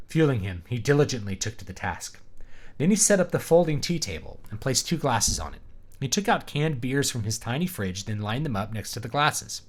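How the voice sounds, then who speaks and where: Lively man reading aloud. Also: mid-range voice, a little fast. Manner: wry, laughing asides. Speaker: author reading aloud on a livestream. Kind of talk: casual live reading with chat banter.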